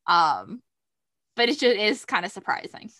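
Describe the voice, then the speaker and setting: A woman co-hosting a podcast, gushing excitedly as she retells TV scenes in casual chat. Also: mid-range voice, a little slow, dry recording, clean studio sound. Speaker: podcast co-host. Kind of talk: casual fan chat about a TV show.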